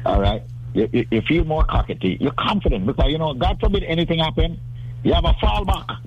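A man's voice: a little high, big pitch swings, fast talker, lo-fi sound, slight background noise. A man talking about credit as a guest on a radio talk show, emphatic and salesman-like, often repeating his words.

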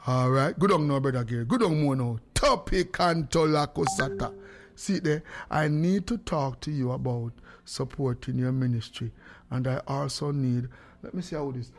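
A man's voice: medium pitch, normal speed, soft background music. A man with a Jamaican accent hosting a live stream from his home studio, joking and teasing as he calls out to viewers by name. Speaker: livestream host.

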